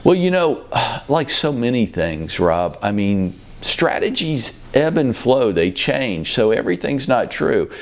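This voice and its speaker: A man in his fifties hosting a casual talk show from his office, telling stories in a relaxed, folksy, chatty way. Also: mid-range voice, a little slow, hardly any pauses. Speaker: real estate brokerage leader hosting a show.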